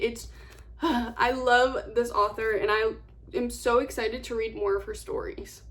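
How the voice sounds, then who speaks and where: A young woman vlogger chatting casually about books she read, gushing and rambling, repeating words for emphasis. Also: a little high. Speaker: book vlogger. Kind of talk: casual book review chat.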